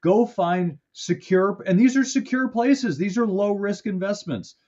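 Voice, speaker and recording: A man's voice: sits high, lively intonation, measured pace, a little mellow. A man co-hosting a finance podcast, making his points emphatically and repeating them in a ranting way. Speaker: podcast co-host. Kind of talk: casual podcast chat about money. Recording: dull lo-fi podcast audio.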